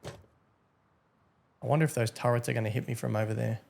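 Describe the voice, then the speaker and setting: A young man talks through his game as a server admin, in a sleepy, teasing drawl padded with ums and uhs. His voice has a gravelly, fry-laden edge at an ordinary middle pitch, and a faint hiss sits under the recording. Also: steady tone, normal speed, a little mellow. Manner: drawling, chatty, teasing, with many fillers. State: tired, yawning. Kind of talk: casual gameplay commentary.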